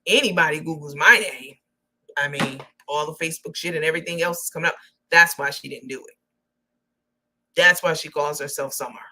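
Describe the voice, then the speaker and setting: A woman's voice: deep voice, a little fast, bright, forceful tone. Brash, profane woman dishing gossip. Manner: brash, profane, mocking, sassy. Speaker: host. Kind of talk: casual gossip commentary.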